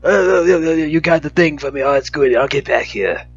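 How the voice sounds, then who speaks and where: Man doing a stammering, goofy Australian guy, pitched high and loud, mocking; slightly muffled lo-fi sound. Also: brisk, slightly rough, soft background music. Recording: slightly dull lo-fi audio.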